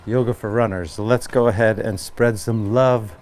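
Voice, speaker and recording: A man's voice: fairly low pitch, fairly even intonation, moderate pace, darkish tone. An American man from Long Island, a yoga teacher talking earnestly and rambling with many restarts before guiding a class. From Long Island, New York. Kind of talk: casual yoga class talk.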